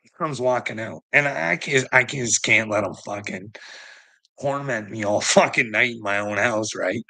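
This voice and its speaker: A man's voice: fairly low pitch, normal speed, gravelly, bright, forceful tone. A middle-aged man, ranting agitatedly in a personal vlog, swearing constantly with bitter laughs. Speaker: vlogger.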